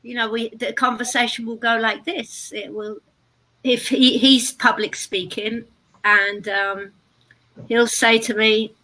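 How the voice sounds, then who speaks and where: Bright-voiced British woman, dry and blunt. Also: fairly high pitch, normal speed, rough recording. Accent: British English. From Britain. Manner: dry, blunt, darkly humorous. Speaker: guest speaker. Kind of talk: interview on stage. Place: live event before an audience.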